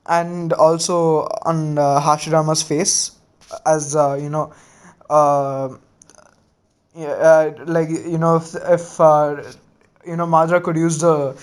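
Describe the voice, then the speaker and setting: A man casually retelling a fan story, rambling with lots of filler words and restarts. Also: a little high.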